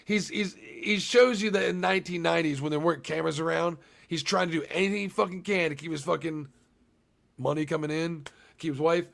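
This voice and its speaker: Gravelly profane man recapping a movie. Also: on the high side. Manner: profane, rambling, talks to chat. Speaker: movie reviewer, streamer. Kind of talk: casual live-stream movie recap.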